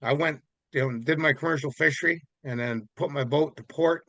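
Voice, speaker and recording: A man's voice: on the high side, a little fast, dry recording. A man from Vancouver Island, Canada, telling a story in a casual, rambling way as an interview guest. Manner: rambling, relaxed, many fillers.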